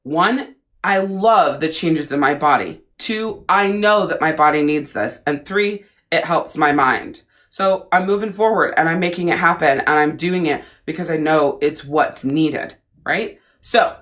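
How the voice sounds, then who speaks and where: A woman's voice: deep voice, a little slow, fairly bright tone. A woman coach giving a blunt, profane, casual talk on a live video stream, speaking straight to her viewers.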